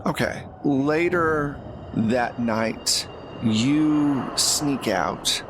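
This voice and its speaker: A man narrating a tabletop game as game master in a measured, second-person style. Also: medium pitch, background noise.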